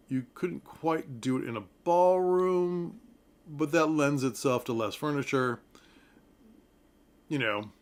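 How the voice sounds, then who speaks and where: Man, casual talk-to-camera play review, enthusiastic and conversational, mid-pitched, frequent ums. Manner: chatty, enthusiastic, with frequent ums and asides to viewers.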